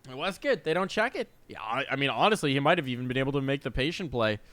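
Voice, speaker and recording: Lively male esports play-by-play caster. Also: mid-range voice, no room sound. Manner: excitable, jokey, quick reactions. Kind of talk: play-by-play commentary. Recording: game gunfire audible behind.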